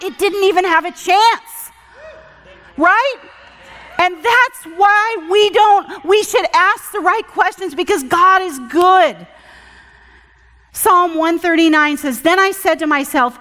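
A middle-aged woman giving a sermon with personal testimony, earnest and emphatic, moving from loud emphasis to hushed tones. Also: very high voice, big-room sound. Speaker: guest speaker at church session. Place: church hall.

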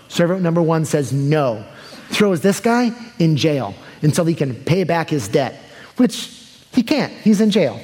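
A man preaching a sermon in a relaxed, chatty way that often softens into quiet earnestness. His voice sits a little higher than most men's. It rings out with a long reverb through a church sanctuary. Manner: casual, conversational preaching that shifts to soft and earnest. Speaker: pastor.

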